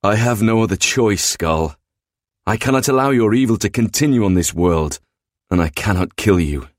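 A man's voice: fairly low pitch, animated, dry recording, clean studio sound, pitched above the performer's own voice. A man voicing a solemn, sorrowful godlike male warrior who speaks in grave, formal sentences. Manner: grave, formal, measured speech.

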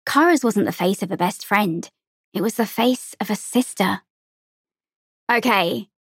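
A woman narrates an audiobook in a steady, measured way. Her pitch is middling, and the recording is dry and close. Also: husky, no room sound. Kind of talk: scripted narration.

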